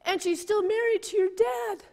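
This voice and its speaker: A woman preacher telling a personal story in a sermon, swinging between intense, emphatic delivery and hushed, softer passages. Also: moderate pace, gravelly. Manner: emotional, building to high intensity and dropping to hushed tones. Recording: long hall reverb.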